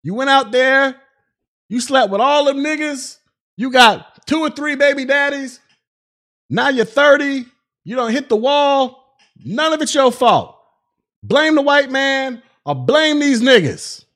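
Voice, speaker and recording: Man, live-stream host, high voice, profane mocking rant. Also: a bit bright. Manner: profane, mocking, laughing at critics. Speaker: podcast host.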